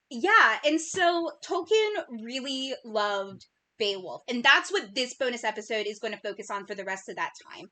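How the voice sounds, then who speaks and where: Bright, high-voiced chatty woman. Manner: bubbly, chatty, trips over words. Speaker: podcast co-host. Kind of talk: casual podcast chat.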